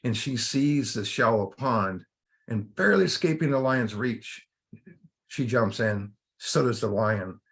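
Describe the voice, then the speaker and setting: A man's voice: mid-range voice, lively intonation, a little slow, vocal fry, a bit bright. A man leading a recovery workshop, giving an informal spiritual talk in a rambling way, full of fillers and restarts.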